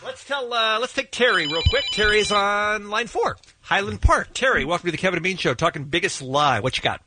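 Lively bright-voiced man radio host. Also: high voice, brisk. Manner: wry, teasing. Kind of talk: morning radio banter. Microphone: studio microphone.

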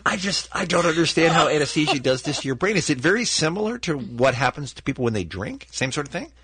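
A man's voice: a little high, animated, fast, fairly bright tone, breathy edge. A man co-hosting a morning radio show, asking curious questions and joking on a studio mic. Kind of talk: casual radio banter.

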